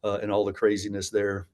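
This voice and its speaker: A man in his fifties speaks as an interview guest, his voice sitting a little low. He tells stories loosely, restarting sentences and sprinkling in "man" and "you know.". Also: a little mellow. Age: 50s. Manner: rambling, frequent fillers and restarts, says "man" often. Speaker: interview guest, combat veteran. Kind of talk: casual storytelling interview.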